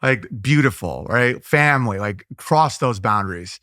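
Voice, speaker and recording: A man's voice: medium pitch, expressive, pushed and bright, no echo, clean studio sound. A man who is a comedian guest, chatting casually in an interview, riffing loosely with frequent "like" fillers and restarts. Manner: loose riffing with quick impressions and asides.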